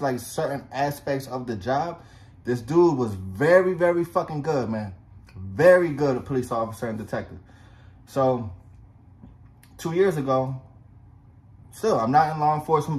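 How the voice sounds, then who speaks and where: A young man, a former police officer, telling a personal story in a blunt, profane, slang-heavy casual monologue. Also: mid-range voice.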